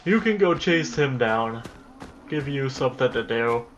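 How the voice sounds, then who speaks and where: A young man giving casual let's-play commentary, chatty and easily frustrated, breaking into excited yelling during chases. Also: mid-range voice, unhurried, dull audio, slight background noise. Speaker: gameplay commentator.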